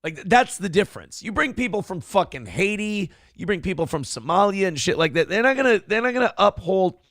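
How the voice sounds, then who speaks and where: A man's voice: high-pitched, very animated, a little fast, fairly bright tone, no echo, clean studio sound. A male show host giving crude, mocking casual commentary on video clips and laughing often.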